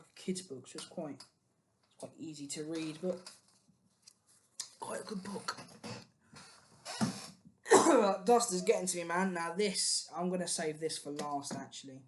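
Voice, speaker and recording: British collector rambling about books at home, lots of ums, average pitch. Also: background noise. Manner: rambling, many ums and restarts, chatty. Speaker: book collector vlogger. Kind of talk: casual book haul chat.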